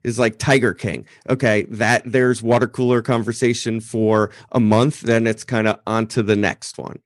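A man co-hosting a podcast, chatting casually and tossing in quick examples. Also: medium pitch, level tone, dry recording, studio quality. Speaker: podcast co-host. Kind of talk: casual chat.

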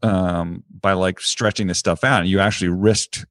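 A man's voice: low voice, fairly even intonation, moderate pace, fairly bright tone, dry recording, studio quality. A man with a Philadelphia accent co-hosting a podcast, talking casually and rambling with frequent restarts and the odd swear. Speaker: podcast co-host. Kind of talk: casual chat.

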